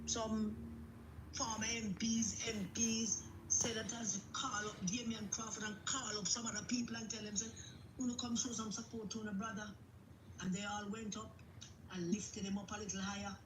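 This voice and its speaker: A woman's voice: mid-range voice, level tone, normal speed, roomy sound, background noise. A woman with a Jamaican accent delivering an angry, emphatic political rant, repeating herself for force. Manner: agitated, emphatic, repetitive. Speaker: political commentator.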